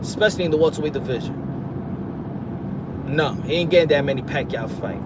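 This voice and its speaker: A man's voice: fairly high pitch, fairly quick. A man from New City, rambling casually to his viewers on a live stream from his car. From New York City. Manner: rambling and animated, talks straight to viewers. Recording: loud car and street noise.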